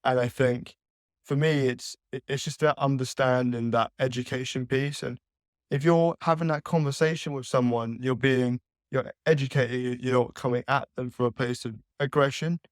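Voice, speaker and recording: A man giving thoughtful, conversational answers as a podcast guest, pausing to find his words. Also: medium pitch, fairly even intonation, no echo, studio quality. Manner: thoughtful, with frequent fillers and restarts.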